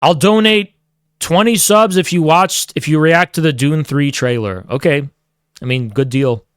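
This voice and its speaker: A man's voice: fairly high pitch, a little slow, clean tone, no room sound, studio quality. A man hosting a livestream, ranting casually with heavy swearing and mock-grandiose taunts. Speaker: livestream host. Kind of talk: casual streaming rant.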